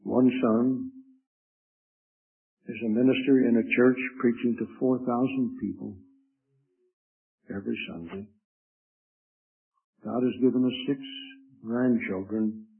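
An older man giving his spoken testimony as a preacher, telling it in an earnest, measured way. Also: medium pitch, fairly even intonation, vocal fry, slightly rough. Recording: tinny lo-fi phone-like recording.

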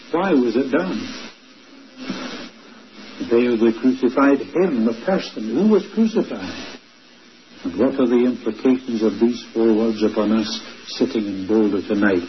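A male preacher giving a sermon, slow and emphatic, dwelling on repeated words. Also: mid-range voice. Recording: dull lo-fi recording, faint noise.

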